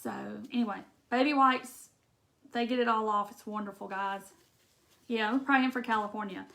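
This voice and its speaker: A woman's voice: on the high side, steady tone, moderate pace, pushed and bright. Chatty woman crafting live. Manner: chatty, emotional, rambling with many restarts. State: tearful at times. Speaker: craft livestream host. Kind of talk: casual livestream chat while crafting.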